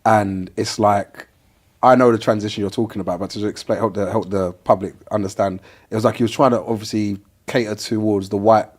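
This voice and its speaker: Fast, halting low-voiced podcast host. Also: male voice, fairly even intonation. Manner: halting, restarts often. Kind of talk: casual podcast chat.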